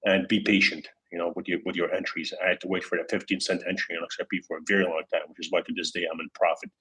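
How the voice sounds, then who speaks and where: A man's voice: sits low, level tone, very fast, sharp tone, slightly rough, low-quality recording. A man hosting a casual livestream, rambling with many fillers and restarts while he reads out chat comments. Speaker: crypto livestream host.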